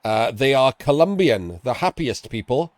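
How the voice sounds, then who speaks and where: A man casting a live tabletop-style video game match, chatty and excitable, laughing and swearing casually as he explains the plays. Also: medium pitch, normal speed, no room sound. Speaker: esports commentator.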